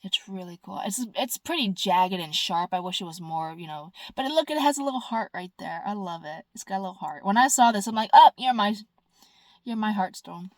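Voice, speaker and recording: A woman's voice: mid-range voice, animated, brisk, hardly any pauses, no room sound. A woman talking casually to her camera, rambling and blunt, swearing freely and mimicking whiny voices. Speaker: vlogger.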